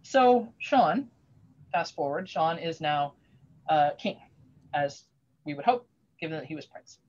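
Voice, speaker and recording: A woman talking casually over a video call, her voice a little low for a woman and the audio muffled and lo-fi. She rambles through a story with lots of restarts and fillers, growing animated as she goes. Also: unhurried. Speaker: craftsperson sharing her work on a video call.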